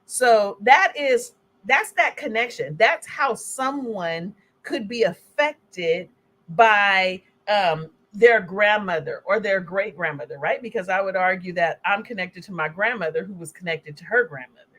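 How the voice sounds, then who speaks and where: A woman gives a slide presentation on health in a lively, conversational way. She acts out small scenes and talks straight to her listeners. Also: mid-range voice, measured pace. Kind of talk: presentation talk.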